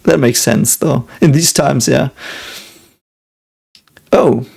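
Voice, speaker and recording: A man's voice: medium pitch, slow pace, creaky, darkish tone, slightly rough. A German man hosting a casual reaction video, talking in English with a German accent, hesitant and full of fillers and restarts, chuckling often.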